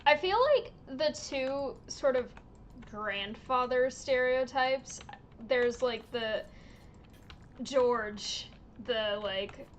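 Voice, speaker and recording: A woman livestreaming a game, chatting casually in an unhurried way, with lots of little laughs and ums. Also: on the high side, fairly even intonation, muffled recording, a little hiss or hum. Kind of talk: casual chat while streaming a game.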